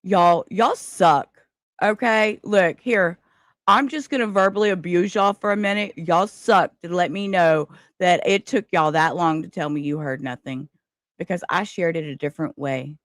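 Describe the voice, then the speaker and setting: A woman's voice: lowish voice, moderate pace, dry recording, studio quality. A woman hosting a live stream in casual chat, rambling and losing her words. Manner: scattered, rambling, self-interrupting. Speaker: livestream host.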